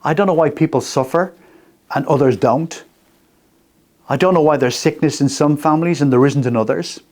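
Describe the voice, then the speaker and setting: Speaking at a moderate pace in a slightly high, dark-toned voice, a man in his sixties hosts a radio faith program from the studio. His manner is earnest and personal, with short phrases he repeats.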